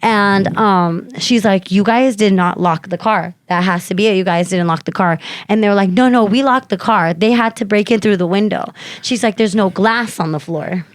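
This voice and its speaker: Woman comedian spinning a rowdy story, animated and cussing, dry close mic. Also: mid-range voice, moderate pace, no room sound. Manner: animated, profane, acts out quotes. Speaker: podcast co-host and comedian. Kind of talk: casual storytelling chat.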